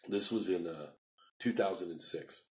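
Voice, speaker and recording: A man telling his life story on a live video stream, rambling and repeating himself, acting out quoted dialogue, pushing some words hard and rushing others. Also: low voice.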